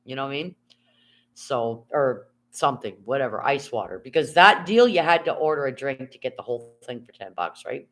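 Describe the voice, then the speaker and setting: A woman's voice: extremely low pitch, animated, brisk. Chatty woman live streaming. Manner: chatty, rambling, swears freely, reads chat aloud. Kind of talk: casual live stream chat.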